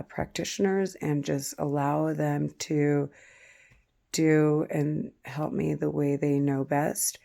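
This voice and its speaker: A woman vlogger talking casually to the camera, halting, with frequent pauses and fillers. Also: deep voice, creaky, dark tone.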